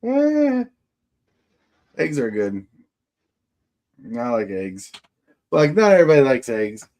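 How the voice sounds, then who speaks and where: A man's voice: mid-range voice, animated, measured pace, a little mellow. A man hosting a casual livestream, chatting in a rambling way and greeting viewers by name. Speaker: livestream host. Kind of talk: casual chat.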